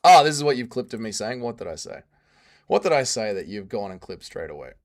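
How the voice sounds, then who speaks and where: A man's voice: fairly low pitch, sing-song, a little fast. A man hosting a livestream, reading out chat and answering in a crude, joking, rambling way. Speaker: streamer host reading chat.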